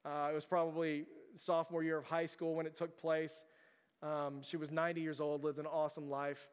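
A man's voice: a little high, little pitch movement, a little fast, smooth. A young adult male pastor giving a conversational sermon in a church, asking the congregation questions. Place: church sanctuary. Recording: long hall reverb.

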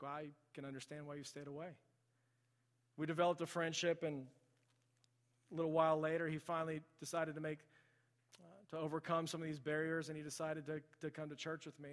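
The sermon comes from a pastor speaking in a slightly high voice, echoing through a large hall in a church sanctuary. Telling a story, he climbs steadily toward impassioned emphasis.

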